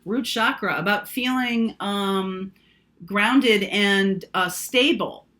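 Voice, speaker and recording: Chatty lady doing a tarot reading, lots of ums, bright voice. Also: mid-range voice, slow. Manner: chatty, thinks aloud with many fillers. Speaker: tarot reader. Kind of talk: casual tarot reading to camera.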